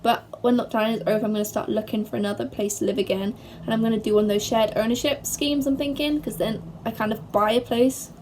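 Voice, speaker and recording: A young woman from England answering viewer questions in a chatty, bubbly way, speeding up when she gets excited. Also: on the high side, fast, slight background noise. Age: young adult. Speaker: vlogger. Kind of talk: casual to-camera Q&A.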